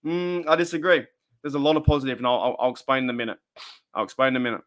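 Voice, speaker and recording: A man's voice: mid-range voice, fairly quick, a bit bright, clean tone. A young Australian man hosting a casual live stream, rambling and repeating himself as he reads the chat.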